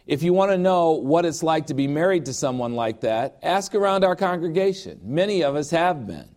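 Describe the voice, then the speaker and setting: A man with a somewhat high voice preaches to his congregation. He talks in an emphatic, emotional way, drifts into personal asides and repeats phrases to hammer them home. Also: darkish tone. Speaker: pastor. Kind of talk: sermon.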